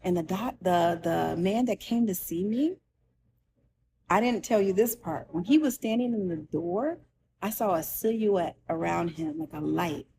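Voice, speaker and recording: A woman's voice: fairly low pitch, measured pace, slight background noise. A woman telling a true personal story with emotion, acting out the voices of the people in it, with restarts and asides. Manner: animated, acts out quoted voices, with restarts.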